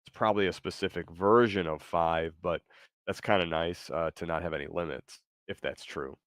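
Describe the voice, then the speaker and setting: A man hosting a show, chatting casually with an AI in a halting, easygoing way. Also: sits low, fairly bright tone, dry recording. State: tired, yawning. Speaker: show host. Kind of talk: casual chat with an AI.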